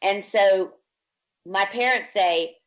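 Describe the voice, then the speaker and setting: A woman's voice: medium pitch, slow, lo-fi sound. A woman from Virginia, a podcast guest, telling her life story in an interview and acting out the voices of the people she quotes. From Virginia, USA. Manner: lively storyteller who acts out quoted speech.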